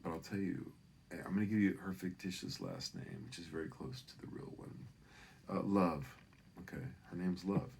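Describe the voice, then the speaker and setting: Profane, animated storyteller man in his fifties. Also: deep voice, normal speed, vocal fry, a little hiss or hum. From Northern California. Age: 50s. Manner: animated, profane, keeps asking "right?". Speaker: vlogger telling a personal story. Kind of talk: rambling confessional storytelling.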